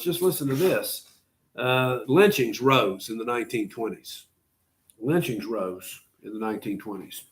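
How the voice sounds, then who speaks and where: A middle-aged history teacher gives a classroom lecture in a mid-range, unhurried voice. His manner is conversational, full of rhetorical questions, and he tells students what to write down.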